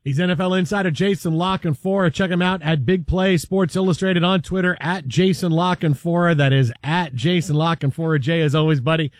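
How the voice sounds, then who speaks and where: A man hosting a sports talk radio show, bantering in a jokey, quick way. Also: a little high, steady tone, dry recording.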